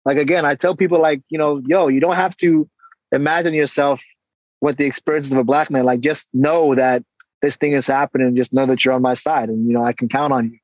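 Man, casual interview guest, animated storytelling, slightly dull dry recording. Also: medium pitch, a little fast, no echo. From San Diego, California. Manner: animated storytelling, acts out exchanges. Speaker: guest, hip-hop artist and coach.

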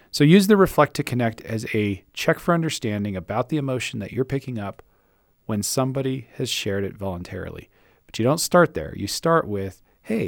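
A podcast host and leadership coach answers listener questions on leadership in an encouraging, reassuring way. His voice is lowish and creaky, recorded cleanly in a studio with no echo.

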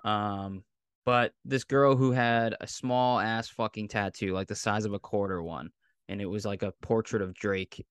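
A man in his thirties from Massachusetts's South Shore, with the accent to match, speaks in a fairly low, steady voice, a little slowly, bright and clean in a studio recording with no echo. As a podcast co-host in casual chat, he tells a long, rambling, profane story and laughs often.

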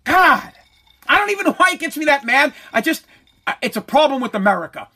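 A man's voice: extremely high pitch, big pitch swings, fairly quick, sharp tone. A man ranting angrily, profane and repeating himself as he hammers each point home. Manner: heated, profane, repetitive. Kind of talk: angry rant.

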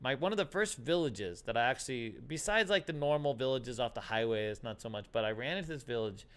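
A man's voice: mid-range voice, animated, fast talker, fairly bright tone. A middle-aged man telling stories in casual chat, acting out dialogue and laughing often.

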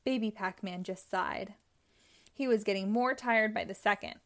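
A woman reading a children's storybook aloud in a slow, expressive way, lightly voicing the characters. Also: medium pitch. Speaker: storybook reader.

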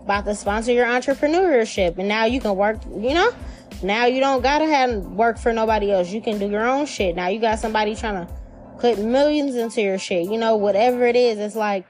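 A woman giving a casual spiritual reading, talking in a chatty, slangy way, swearing freely and acting out imagined voices with big jumps in pitch. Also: fairly quick, a little mellow, faint music behind. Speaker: tarot reader.

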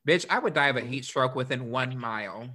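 A man's voice: mid-range voice, a little fast, pushed and bright. A young man hosting a podcast, casually retelling a movie plot with crude jokes and a rambling manner. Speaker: podcast host. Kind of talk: casual movie review chat.

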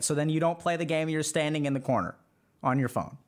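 A man with a high-pitched voice talks through social advice in a loose, conversational way. He acts out the worried thoughts of imagined people and keeps checking in with his listeners. He sounds like a podcast host chatting with a live audience. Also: fairly quick. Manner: conversational, acts out imagined inner voices, often asks "right?". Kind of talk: casual advice talk to a live chat.

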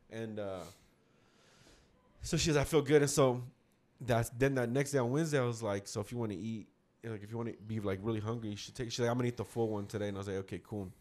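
A man's voice: on the low side, fairly even intonation, fast, a little mellow. A man telling a rambling, slangy story in a casual chat with friends. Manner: rambling, slangy, quotes others mid-story.

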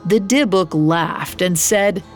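A woman narrating a scripted story in a measured, steady reading. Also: lowish voice, faint music behind.

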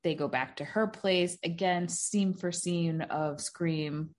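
A woman with a notably low voice talks through a movie in casual, rambling chat. She fills gaps with small hesitations as she remembers the scenes. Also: steady tone, slow pace, a little mellow. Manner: chatty, rambling with fillers.

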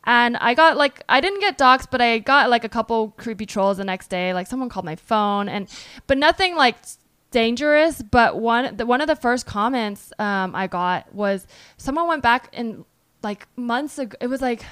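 A woman's voice: on the high side, moderate pace, smooth, no echo. A woman hosting a podcast interview, chatting casually and telling stories with lots of "like". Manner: chatty, animated storyteller with frequent "like". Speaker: podcast host. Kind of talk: conversational interview.

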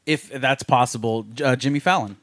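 A man's voice: medium pitch, brisk, dry recording, studio quality. A man co-hosting a casual podcast chat, blunt and opinionated and swearing freely. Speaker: podcast co-host.

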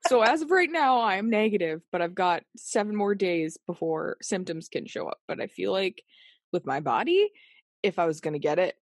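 A woman's voice: mid-range voice, expressive, normal speed, dry recording, studio quality. A young adult woman co-hosting a podcast in casual chat, swearing freely, laughing often and acting out the texts she quotes. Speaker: podcast co-host.

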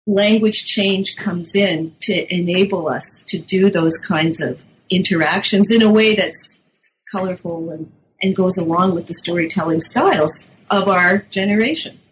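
A middle-aged woman, a linguist, answering interview questions about her book in a lively explanatory way, sometimes acting out quotes. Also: lowish voice, a little slow, rough recording. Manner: lively, acts out teen quotes. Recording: faint background noise.

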